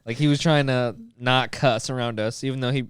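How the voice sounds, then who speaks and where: A young man co-hosting a podcast, animated and swearing in casual chat. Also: medium pitch, a little fast, clear, resonant tone, no echo, studio quality. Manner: animated, swearing, laughing storyteller. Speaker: podcast co-host.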